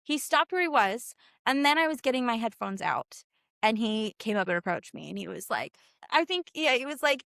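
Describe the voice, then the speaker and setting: A woman's voice: sits high, very animated, brisk, fairly bright tone, no room sound, studio quality. A young woman from Canada co-hosting a casual chat podcast, telling stories animatedly and acting out the quotes with laughter. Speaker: podcast co-host.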